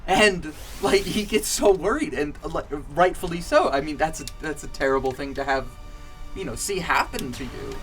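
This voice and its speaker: A man telling a long shaggy-dog joke on a home stream, wandering through it with fillers and restarts. His voice sits a little high for a man. Faint music plays underneath. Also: lively intonation, normal speed, fairly bright tone. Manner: rambling, many fillers and restarts.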